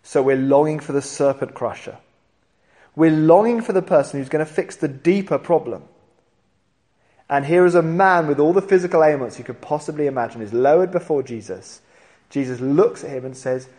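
A man preaching a sermon, telling the story in an animated way and acting out the voices of the people in it. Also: a little high, moderate pace. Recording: long hall reverb.

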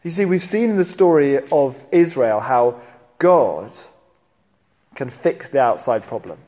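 A man preaching a sermon, telling the story in an animated way and acting out the voices of the people in it. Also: mid-range voice, a little slow. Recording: long hall reverb.

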